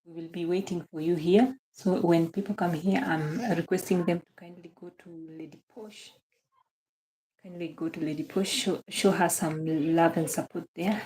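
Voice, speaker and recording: A woman's voice: lowish voice, fairly even intonation, normal speed, crowd noise. A young Kenyan woman hosting a casual livestream, greeting viewers by name and gushing praise and thanks, repeating her phrases. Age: young adult. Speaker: livestream host.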